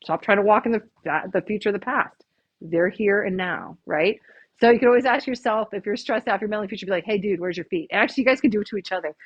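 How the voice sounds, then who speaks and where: A woman's voice: medium pitch, fast talker, slightly rough, dry recording, dull audio. A woman chiropractor leading a live stress workshop, chatty and upbeat, counting the group through breathing. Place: small room with a live audience.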